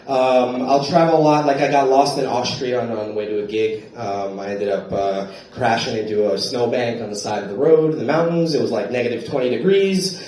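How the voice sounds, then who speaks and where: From a distant mic with slight background noise, the American comic's mid-range voice fills an echoey club. His live set relies on storytelling, repeated "right?" tags, and loud shouted punchlines, met by audience laughter.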